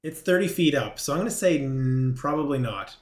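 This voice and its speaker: Casting: relaxed tabletop game master, mid pitch, roomy echoey recording. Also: brisk. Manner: relaxed, calls turns and rulings.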